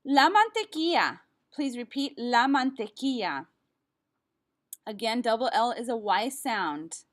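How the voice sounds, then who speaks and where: Slow-spoken woman teaching vocabulary. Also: fairly high pitch, lively intonation. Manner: slow, careful enunciation with repeat-after-me pauses. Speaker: Spanish teacher. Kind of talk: vocabulary lesson.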